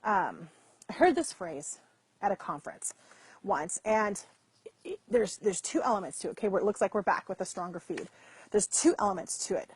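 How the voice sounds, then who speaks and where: A middle-aged woman hosts a chatty live stream, speaking directly to her viewers through a computer mic on weak internet. Her mid-range voice is animated, slightly rough and at normal speed, and she often repeats and restarts.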